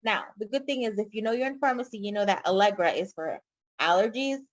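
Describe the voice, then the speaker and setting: A woman's voice: medium pitch, fast. A woman teaching a vocabulary lesson online, speaking patiently and repeating each word for her students. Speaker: pharmacy tech Spanish tutor.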